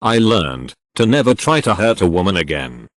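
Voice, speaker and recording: A man's voice, machine-made, reading absurd AI-generated stories aloud in a flat read-aloud way as the narrator. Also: deep voice, moderate pace, no room sound, clean studio sound.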